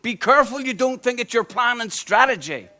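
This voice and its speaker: Man, pastor, high voice for a man, emphatic sermon, repeats phrases, humorous asides. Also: lively intonation, fairly quick, pushed and bright, faint music behind.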